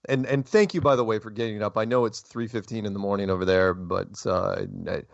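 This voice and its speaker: A man hosting a talk show, talking in a rambling, animated way and laughing often. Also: lowish voice, fairly quick, gravelly, no echo, lo-fi sound. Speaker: show host. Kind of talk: casual interview chat.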